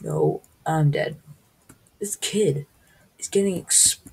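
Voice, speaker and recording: Low, husky woman gamer. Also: slow, poor audio. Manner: excitable, gasping and exclaiming. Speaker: gaming video host. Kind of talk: casual let's-play commentary.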